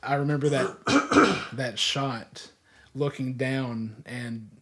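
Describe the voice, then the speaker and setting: A man co-hosting a casual discussion podcast, speaking haltingly with frequent restarts. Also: medium pitch, pushed and bright. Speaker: podcast co-host.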